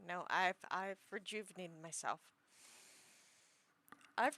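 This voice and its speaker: A woman's voice: a little high, animated, slow, sharp tone, no echo. A young woman chatting casually on a stream, rambling and self-deprecating with frequent giggles. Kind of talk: casual chat.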